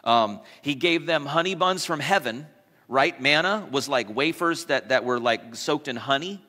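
Bright-voiced pastor preaching in a reverberant church. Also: male voice, mid-range voice, lively intonation, moderate pace. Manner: conversational preaching with rhetorical questions and asides. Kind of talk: sermon. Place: church sanctuary.

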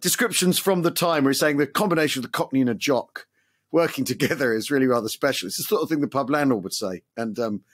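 A man hosts a casual history podcast, chatty and lively. His voice sits at a middling pitch, and he laughs easily between points. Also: quick pace, husky. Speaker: podcast host.

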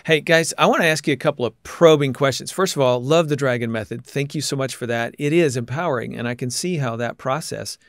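A male podcast host with a medium-pitched voice sets up interview questions for his guests at length, in a steady, measured way. The sound is dry and close, with no echo and almost no room around it.

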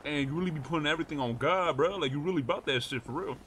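A man's voice: on the high side, racing, fairly bright tone. A young man streaming a role-play game, teasing and hyped, full of street slang. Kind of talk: casual role-play banter.

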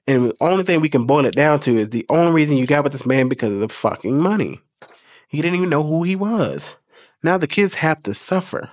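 A man's voice: fairly high pitch, no room sound, clean studio sound. A man hosting a casual commentary video, blunt and profane, lecturing in an exasperated way.

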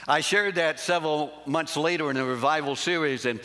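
A man's voice: fairly high pitch, fairly quick, pushed and bright. A middle-aged male pastor preaching a sermon with folksy stories that rise into emphatic praise. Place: large camp meeting hall. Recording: long hall reverb.

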